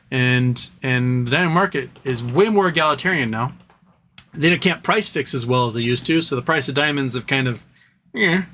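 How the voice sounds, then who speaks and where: Bright-voiced man riffing on a livestream. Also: mid-range voice, slight background noise. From United States. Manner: animated storytelling with mock voices for quoted parties. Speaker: livestream host. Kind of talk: casual livestream monologue.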